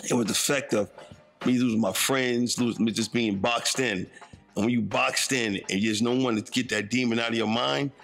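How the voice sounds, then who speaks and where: A man's voice: medium pitch, fairly even intonation, normal speed, vocal fry, a bit bright, faint music behind. A man in his fifties from northern New Jersey, telling his own life story in a reflective, conversational way with street slang, often asking if the listener follows him. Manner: conversational, street slang, keeps asking "you know what I'm saying". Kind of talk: reflective first-person storytelling.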